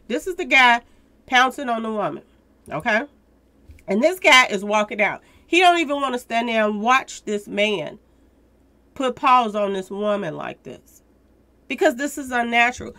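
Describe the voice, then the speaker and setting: A woman hosts a casual news commentary channel, addressing her viewers directly and hammering her points home through emphatic repetition. Her voice is a little high, bright and forceful.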